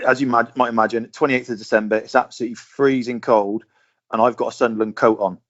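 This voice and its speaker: Man, mid-pitch, measured storyteller, podcast guest, dull lo-fi call audio. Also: steady tone. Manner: measured, scene-setting storyteller. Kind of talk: casual storytelling.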